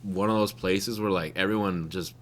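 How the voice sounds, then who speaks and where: A man co-hosting a podcast in relaxed casual chat, laughing and mimicking people as he talks. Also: sits low, normal speed. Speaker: podcast co-host.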